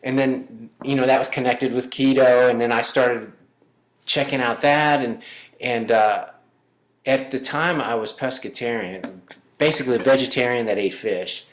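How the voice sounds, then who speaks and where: Halting male guest in an echoey room. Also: medium pitch, steady tone. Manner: halting, rambling with many fillers. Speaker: musician guest. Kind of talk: casual interview chat.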